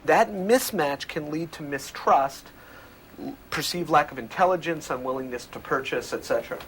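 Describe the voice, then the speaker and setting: A male researcher giving measured, lecturing explanations in an interview. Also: fairly high pitch, fairly bright tone, slight background noise. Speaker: communication researcher.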